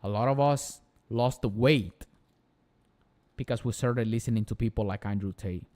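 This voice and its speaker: Speaking at a moderate pace in a lowish voice with a dark tone, a young Spanish-accented man runs a relaxed live stream on his channel. His talk is earnest and motivational, built on repeated phrases stacked for emphasis.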